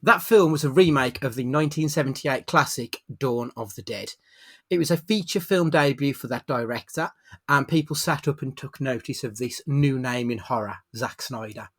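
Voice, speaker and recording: A man's voice: mid-range voice, normal speed, husky. A British man hosting a podcast, chatting casually and then giving a dramatic build-up to a film, on a webcam mic. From United Kingdom. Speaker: podcast host. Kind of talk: casual chat and scripted film intro.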